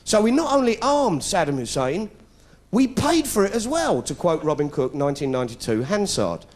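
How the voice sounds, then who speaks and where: Middle-aged British stand-up, fairly high and very animated, sarcastic storyteller. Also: male voice, normal speed, a little hiss or hum. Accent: British English. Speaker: comedian. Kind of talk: stand-up comedy routine. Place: stage before a live audience.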